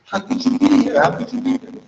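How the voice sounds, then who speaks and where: A man's voice: fast, darkish tone, close to an everyday voice. A man voicing a very old, toothless woman who keeps asking in disbelief, heard from far off in an echoey hall. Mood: astonished. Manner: disbelieving, repeats questions. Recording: echoey hall, distant dull mic.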